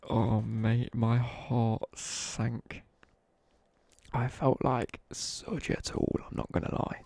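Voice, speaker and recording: Gravelly, husky young man. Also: medium pitch, little pitch movement, takes it slowly, a little mellow, no room sound. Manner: rambling storytelling with asides. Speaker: streamer. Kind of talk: casual chat while gaming.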